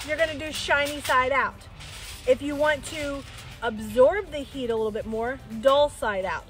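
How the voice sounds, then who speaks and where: A middle-aged woman with a bright, high voice walks through a campfire cooking demonstration at a campground. She talks in a cheerful, chatty way, explaining each step as she goes. Faint music plays softly beneath her. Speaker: campground host. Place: outdoor campground by a fire pit.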